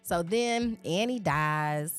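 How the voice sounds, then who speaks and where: A woman's voice: fairly low pitch, slow pace, faint music behind. A woman co-hosting a podcast, casually retelling a film and acting out the characters' lines. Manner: animated storyteller, acts out quotes. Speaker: podcast co-host.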